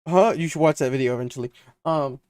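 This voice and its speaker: A man's voice: fairly high pitch, quick pace, darkish tone, no echo. A young man co-hosting a podcast, telling a long story in a rambling casual way and acting out his friends' lines. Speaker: podcast co-host.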